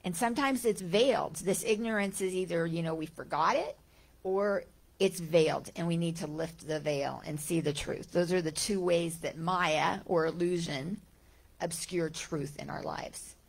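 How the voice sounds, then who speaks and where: A middle-aged woman giving a gentle, conversational spiritual talk, full of rhetorical questions and small restarts. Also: on the low side, moderate pace, creaky. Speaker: spiritual teacher. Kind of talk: talk on Vedanta teaching.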